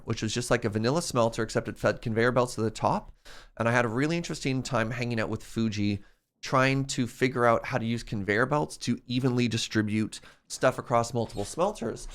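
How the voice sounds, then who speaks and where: A young adult man chatting loosely as he plays, thinking out loud and musing over what to build next. His pitch sits in the middle but swings up and down a lot. He wanders from one idea to the next in casual stream commentary. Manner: thinking aloud, rambling and musing. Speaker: streamer playing a modded block game.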